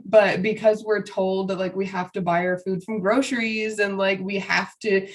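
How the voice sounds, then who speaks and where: A woman guest in a casual conversation, talking fast with plenty of swearing and frequent laughter. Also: mid-range voice, steady tone, distant mic. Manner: fast, profanity-laced and laughing often. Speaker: podcast guest, psychic medium.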